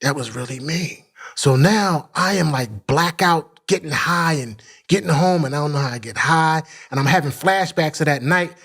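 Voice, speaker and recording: A middle-aged man from Philadelphia tells his story as a podcast guest, his voice sitting a bit high for a man. He talks bluntly and candidly, swears freely, and acts out the people he quotes. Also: moderate pace, a bit bright. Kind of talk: casual storytelling.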